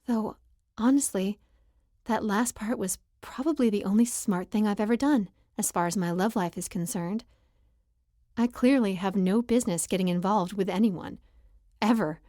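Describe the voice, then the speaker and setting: A woman's voice: mid-range voice, normal speed, dark tone, no echo. A woman reads a first-person romance audiobook with emotional expression. Her voice sits in a middle register. The recording is close and dry. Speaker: audiobook narrator.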